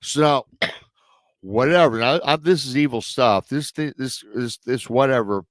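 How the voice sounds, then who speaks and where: A man's voice: mid-range voice, unhurried, no room sound. Rambling male storyteller with dry sound. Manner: rambling, conversational asides to the audience. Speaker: host and storyteller. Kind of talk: casual retelling of a listener's story.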